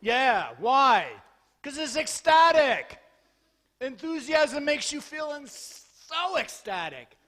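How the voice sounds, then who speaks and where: Man, very high voice, lively sermon, humorous storyteller, exhorting, temple class. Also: slow pace. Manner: animated and humorous, acts out dialogue; urgent and exhorting. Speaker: lecturer giving a scripture class. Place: temple hall with an audience.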